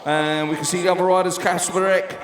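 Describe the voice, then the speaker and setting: A man's voice: high-pitched, fairly quick. A man commentating live BMX races, calling riders with jokey asides. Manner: jokey, lively asides between rider calls. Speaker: race commentator. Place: outdoor BMX race track. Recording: echoey PA sound with crowd noise.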